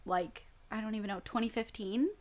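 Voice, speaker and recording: A woman's voice: medium pitch, fairly even intonation, fairly quick, a little mellow. A woman in her twenties co-hosting a podcast, chatting casually with lots of fillers. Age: 20s. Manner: chatty, heavy use of filler "like". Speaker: podcast co-host. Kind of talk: casual chat.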